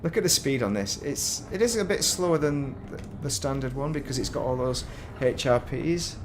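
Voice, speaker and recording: Male streamer, rambling casual commentary, moderate pitch, noisy home recording. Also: animated, normal speed. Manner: rambling, self-interrupting, chatty. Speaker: game streamer.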